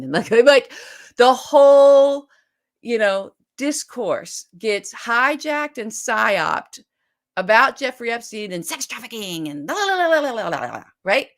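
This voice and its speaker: A woman co-hosting a political podcast, talking emphatically and fast and retelling scenes vividly as she makes her case. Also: medium pitch, vocal fry. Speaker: podcast co-host. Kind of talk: animated political podcast talk.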